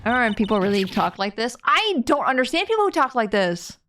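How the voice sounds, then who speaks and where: A woman streaming a game live, chatting and reading its dialogue aloud with giggles and loud excited outbursts. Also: a little high, fast, a little hiss or hum.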